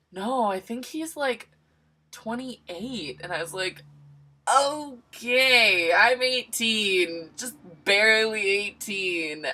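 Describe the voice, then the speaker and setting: A woman's voice: on the low side, bright, forceful tone. A young woman telling an embarrassing personal story in a candid, self-mocking way, acting out her own lines. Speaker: vlogger. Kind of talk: casual storytelling.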